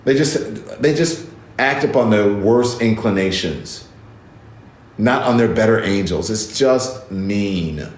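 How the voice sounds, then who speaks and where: A man's voice: on the low side, expressive, slow pace. A man giving casual, emphatic commentary as host of his own show, indignant and repeating words for stress. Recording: roomy echo.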